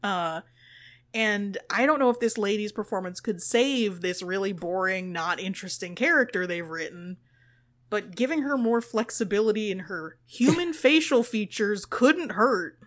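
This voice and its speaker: A woman of middle pitch co-hosts a casual recap chat. She is sarcastic, swears freely and acts out the characters' lines as she goes. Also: animated, normal speed, a bit bright. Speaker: podcast co-host.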